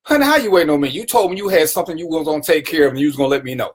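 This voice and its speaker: A man's voice: fairly high pitch, animated, very fast, breathy edge. A man hosting his own live stream, greeting viewers by name and teasing them in casual, playful banter. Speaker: livestream talk show host.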